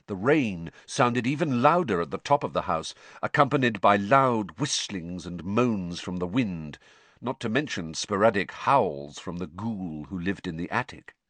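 Here a man narrates an audiobook expressively, like a storyteller, in a somewhat low voice. He takes an unhurried pace, captured in a dry recording.

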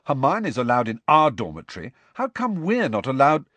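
A hot-headed teenage boy, voiced by a male storyteller, blunt and quick to take offence. His husky voice jumps around in pitch. It is a storybook reading with a dry, close sound. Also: wildly swooping pitch, a bit bright, no room sound. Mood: indignant. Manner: blunt, eager and easily indignant.

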